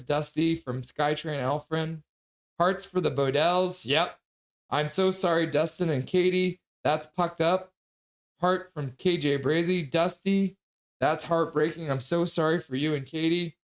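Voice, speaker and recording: Man streamer, fairly high voice, casual chat-reading host. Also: fairly even intonation, a little slow. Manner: reads chat messages aloud and replies.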